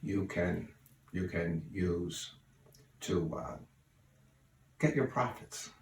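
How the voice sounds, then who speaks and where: A man's voice: low voice, extremely slow, darkish tone, heavily acted. Brief: cocky teen boy, blunt and sure of himself, as an older man recalls him, echoey room. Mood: confident. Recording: roomy, distant mic, faint hiss.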